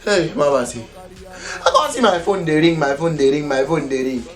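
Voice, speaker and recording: A man with a Nigerian Pidgin accent excitedly retelling a mishap in a comedy skit, breathless and chuckling as he talks. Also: on the high side, normal speed. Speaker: comedian telling his own story.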